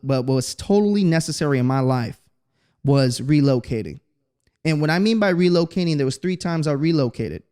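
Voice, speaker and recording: A man's voice: on the high side, smooth. A man from Texas hosting a podcast, telling stories in a casual, slangy, profane way. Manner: profane, slangy, animated storyteller. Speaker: podcast host. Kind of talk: casual storytelling monologue.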